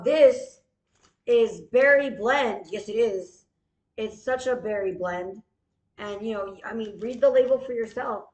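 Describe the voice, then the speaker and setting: A woman doing a rambling comic improv monologue, silly and swearing, with deadpan asides and quick self-corrections. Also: a little high. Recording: roomy echo.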